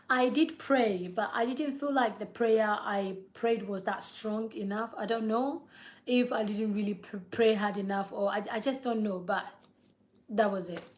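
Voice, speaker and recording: A woman in her thirties telling a heartfelt personal story on a live vlog, repeating words for emphasis and checking in with her listeners. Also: medium pitch. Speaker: vlogger.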